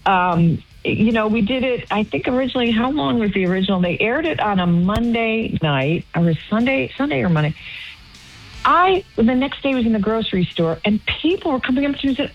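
A woman guest telling lively stories in a casual radio interview, laughing now and then. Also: a little high, fairly quick, muffled recording, faint music behind. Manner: animated storytelling, with laughs. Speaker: guest actress.

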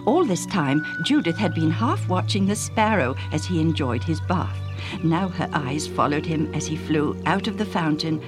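A woman narrating a storybook in a calm, measured way. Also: sits low. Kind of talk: storybook reading. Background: music.

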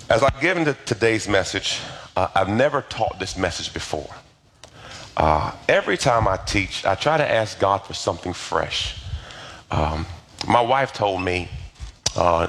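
A man preaching a sermon as pastor, in a lively conversational way with call-and-response to the congregation. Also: on the low side, normal speed, long pauses. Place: church sanctuary. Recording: echoey hall with faint music.

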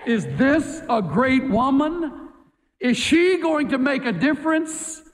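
A man's voice: very high-pitched, animated, slow pace. A man preaching a sermon in an emphatic way, pressing his point with rhetorical questions. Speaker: pastor. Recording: echoey hall reverb.

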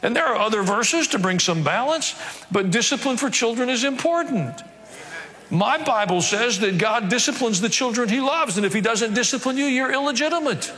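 A man, a pastor, preaching a sermon in a conversational way with wry asides, reading scripture aloud in slower, measured tones. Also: extremely high pitch, expressive, pushed and bright, in a large hall.

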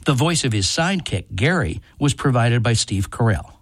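A man hosting a radio program as a TV critic, reading a scripted segment in a measured, even way. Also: mid-range voice, dry recording, clean studio sound. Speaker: TV critic and radio show host. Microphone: studio microphone.

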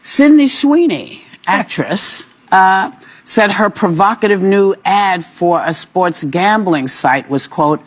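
A TV panel host briskly summarizing a news story to open a discussion. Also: mid-range voice, expressive, breathy edge.

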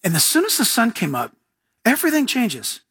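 A man preaching a sermon as pastor, telling stories with jokes and chuckles and mimicking other people in lively asides. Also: extremely high pitch, fairly quick, breathy edge, dry recording, clean studio sound.

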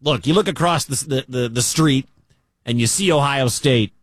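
A man's voice: mid-range voice, no room sound, studio quality. A man with a Midwestern accent hosting a sports talk radio show in a chatty, conversational way. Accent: Midwestern American. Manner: chatty, conversational, quick asides.

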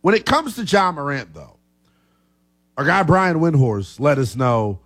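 A man hosting a sports talk radio show, talking with animated energy. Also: on the high side, measured pace. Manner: lively, animated, coughing fits.

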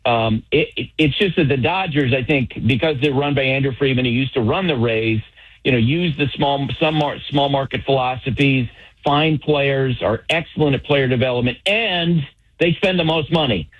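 A man's voice: medium pitch, husky. A middle-aged man talking baseball as an analyst on sports radio, opinionated and rattling off examples. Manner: opinionated, piles up quick examples. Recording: dull lo-fi radio sound.

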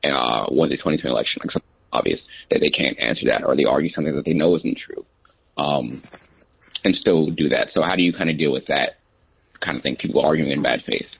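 A man calls in and asks his question hesitantly, filling pauses with "um" and "like." His voice is extremely deep and raspy. It comes through a tinny phone line. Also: no echo. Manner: hesitant, many "um" and "like" fillers. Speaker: caller.

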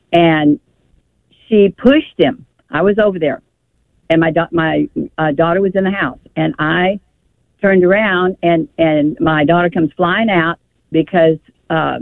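A woman's voice: fairly low pitch, dry recording. Older woman, radio caller, emotional rambling storyteller, tinny phone sound, dry line. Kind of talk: call-in radio conversation. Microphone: telephone.

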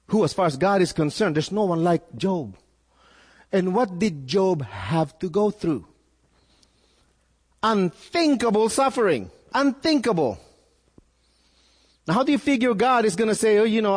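With a breathy edge to his lively, swooping voice, which sits slightly high for a man, this pastor delivers an animated sermon full of sudden pitch rises and stumbles over repeated words as he drives his point home. Long reverb gives the sound of a large hall.

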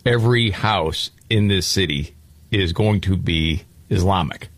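Low-pitched guy hosting a talk show, dry close sound, stresses words hard. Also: a little slow, no room sound. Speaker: radio talk show host. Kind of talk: casual talk radio chat.

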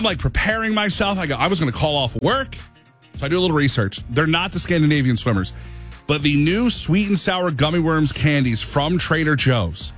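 A male radio host spins a casual, self-deprecating tale into the studio mic, his pitch swooping all over as he plays up the drama. Faint music sits underneath. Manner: animated, self-mocking, dramatic. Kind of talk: casual storytelling monologue.

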